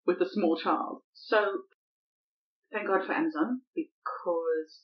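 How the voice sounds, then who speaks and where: A woman co-hosting a podcast in casual chat, self-deprecating and quick to laugh. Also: lowish voice, highs cut off. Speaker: podcast co-host.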